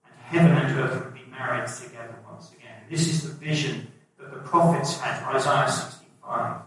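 A man's voice: medium pitch, moderate pace, fairly bright tone. A middle-aged man preaching a sermon in a conversational way, putting questions to the congregation. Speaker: pastor. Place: church hall. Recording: echoey hall, voice from a distance.

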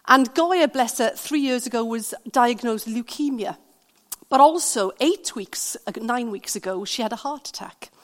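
A woman with a Welsh accent preaching a sermon, telling stories in an animated, conversational way. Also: on the high side, moderate pace. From Wales. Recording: long hall reverb.

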